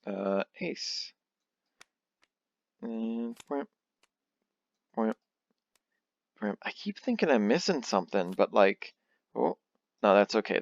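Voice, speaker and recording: Low, gravelly young man rambling. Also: no echo. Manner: rambling, self-deprecating, thinks out loud. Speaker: let's play host. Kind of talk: casual gameplay commentary. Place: home. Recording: dull lo-fi home recording.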